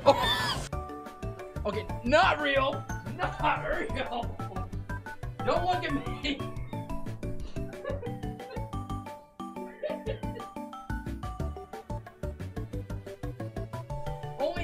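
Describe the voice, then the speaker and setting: A man reacting to memes in casual chat, loud and exclamatory, swearing and laughing often. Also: very high-pitched, huge pitch swings, drawn-out words, long pauses, over music. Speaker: meme reaction host.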